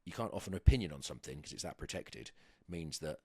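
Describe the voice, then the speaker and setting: An English professional rugby player in his thirties, appearing as a podcast guest, chats casually in a rambling, hesitant way full of fillers and restarts. His bass voice is husky and expressive, moving at a quick pace, with no room sound.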